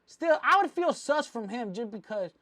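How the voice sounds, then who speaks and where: A man's voice: very high-pitched, lively intonation, moderate pace, bright, forceful tone, no room sound. A man from Mexico City, a jewelry vlogger, giving a rambling, slang-heavy opinion rant with frequent asides.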